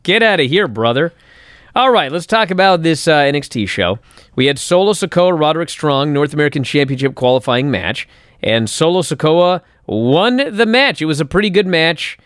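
A man's voice: fairly high pitch, animated, moderate pace, fairly bright tone, clean tone, no room sound, clean studio sound. A man co-hosting a casual wrestling talk show, bantering sarcastically. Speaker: podcast co-host.

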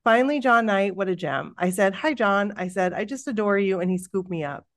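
A woman hosts a podcast and reads a listener's story aloud with lively expression. Her voice sits in a middle pitch, and the recording is dry and close with little room sound. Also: fairly quick, no room sound. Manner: lively, expressive reading with laughs. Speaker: podcast host.

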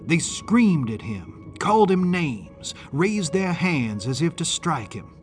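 A man reading first-person audiobook narration in a measured, deliberate way. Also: a little high, very animated, soft background music.

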